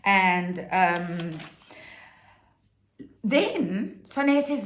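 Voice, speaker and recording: A woman's voice: medium pitch, very animated, extremely slow, pauses often, echoey room. A woman giving a casual, sarcastic and theatrical review of a reality TV show.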